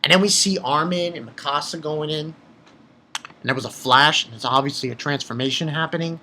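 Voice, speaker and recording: A man casually reviewing a manga chapter, excitable, swearing freely and reading scenes aloud. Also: a little high, a little fast, a little hiss or hum.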